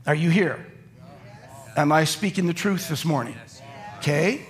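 A middle-aged man preaching a sermon to a live congregation in a church, telling jokes and acting out little scenes as he goes. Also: high voice. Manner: lively, joking storyteller who acts out quotes. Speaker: pastor.

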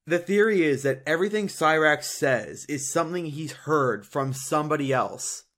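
A young man co-hosting a podcast in casual chat, animated, laughing often and doing mocking impressions. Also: fairly high pitch, moderate pace. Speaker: podcast co-host.

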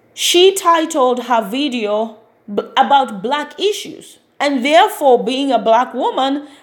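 A woman with a noticeable foreign accent, talking earnestly as a podcast host and asking rhetorical questions. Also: on the high side. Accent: non-American, accent remarked on. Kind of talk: casual commentary monologue.

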